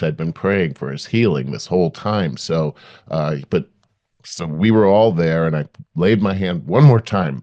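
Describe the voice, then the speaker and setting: A man with a very deep voice tells an emotional story in casual conversation, stopping and restarting often. The sound is muffled and dull. The room sounds dry and close. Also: a little mellow, no echo. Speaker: podcast co-host.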